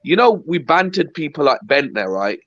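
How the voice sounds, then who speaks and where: A man's voice: a little high, big pitch swings, moderate pace, a bit bright, dry recording. A man on a call to a live stream, talking in an earnest, slangy, persuasive way. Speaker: guest on stream. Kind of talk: casual chat over a call. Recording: dull, dry lo-fi call audio.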